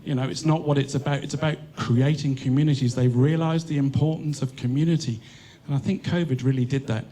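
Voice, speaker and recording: A man with an Australian accent giving a speech at an event as a charity co-founder, lively and laughing as he acts out quotes. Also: mid-range voice, fairly quick, few pauses. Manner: lively storyteller, acting out quotes with excited laughter. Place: event hall.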